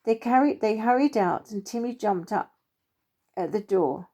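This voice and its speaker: A woman narrating a children's story in a gentle, expressive read-aloud manner. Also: mid-range voice, measured pace.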